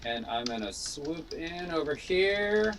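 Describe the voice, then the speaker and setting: A man's voice: on the high side, lively intonation, slow pace, fairly bright tone, recorded from a distance, a little hiss or hum. A man playing a tabletop game, describing his moves casually. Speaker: player.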